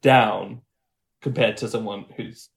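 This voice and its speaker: A man's voice: fairly low pitch, steady tone, measured pace, vocal fry. A man coaching in easygoing podcast chat. He demonstrates sounds as he goes and laughs easily. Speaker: guest accent coach.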